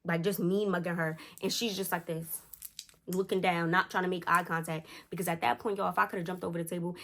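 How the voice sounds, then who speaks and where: A young woman in her twenties, a vlogger telling a story in a chatty, animated way, talking straight to her viewers. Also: lowish voice, fast. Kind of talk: casual storytime.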